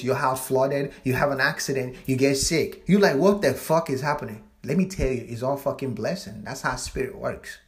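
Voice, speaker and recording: Male channel host, casual spiritual monologue, emphatic and profane, free-flowing speech with restarts. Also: mid-range voice. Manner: fluid non-standard grammar with frequent restarts.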